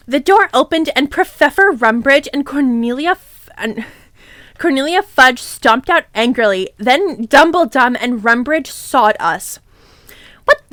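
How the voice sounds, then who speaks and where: A woman streamer reads a fanfic aloud in a deadpan way, with laughing asides. Her voice is high. The sound is dry and close, with no room echo. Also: unhurried.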